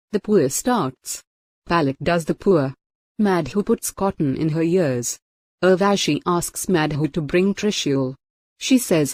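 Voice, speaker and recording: A woman narrating a recap of a TV serial episode in a plain, even read-aloud way. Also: lowish voice, unhurried, no echo.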